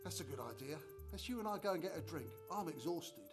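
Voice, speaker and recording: A man's voice: on the high side, expressive, fast, music in the background, close to an everyday voice. An actor in a church drama sketch playing a chatty, proud middle-aged trader and father, who tells the story with wry asides.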